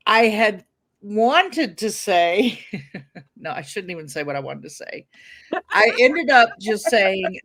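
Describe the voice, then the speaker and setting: A woman's voice: medium pitch, animated, slow pace, fairly bright tone. A woman co-hosting a podcast, chatting casually and telling a story with self-deprecating laughs. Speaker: podcast co-host. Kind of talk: casual chat.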